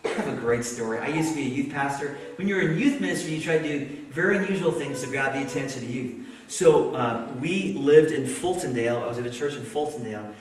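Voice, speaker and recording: A man preaching a sermon, telling a story that builds to excited shouts. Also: mid-range voice, quick pace, few pauses. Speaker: pastor. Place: church sanctuary. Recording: echoey church hall from far off.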